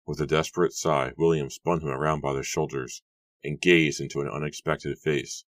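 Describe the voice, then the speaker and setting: Deep low male narrator, dramatic audiobook reading, dry close sound. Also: fairly even intonation, normal speed, no echo.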